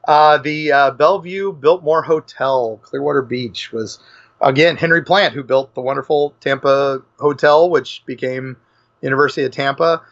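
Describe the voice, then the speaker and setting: A man's voice: mid-range voice, normal speed, fairly bright tone. A man, a guest author, telling a rambling, enthusiastic story in a casual podcast chat. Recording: lo-fi dull podcast audio.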